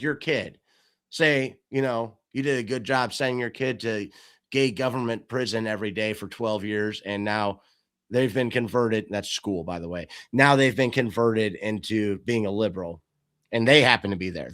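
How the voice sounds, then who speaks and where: Podcast host guy, chatty and animated, acts out what people said, mid-pitch voice. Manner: animated storytelling, acts out quotes. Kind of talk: casual discussion.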